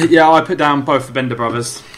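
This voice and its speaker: A man's voice: a little high, moderate pace, fairly bright tone, soft background music. A laid-back man hosting casual gaming commentary. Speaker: gaming YouTuber host.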